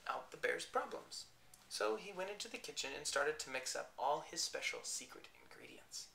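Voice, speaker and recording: Lively, gravelly bedtime storyteller. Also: medium pitch, moderate pace, echoey room, a little hiss or hum.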